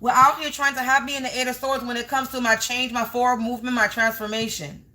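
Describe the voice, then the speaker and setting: A woman's voice: fairly high pitch, flat delivery, quick pace, pushed and bright. A woman giving a spiritual reading to camera, speaking in emphatic, repetitive warnings with frequent swearing. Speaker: tarot and energy reader.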